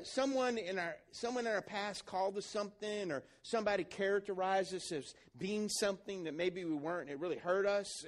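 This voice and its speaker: A pastor with a notably high voice delivers a rousing sermon in church. He keeps the congregation involved, asking questions and waiting for them to answer. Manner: rousing, asks the congregation call-and-response questions.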